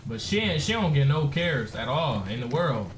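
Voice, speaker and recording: A man's voice: mid-range voice, very animated, normal speed. A man giving hyped let's-play commentary, full of playful trash talk and slang. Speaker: gaming streamer. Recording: echoey room with background noise.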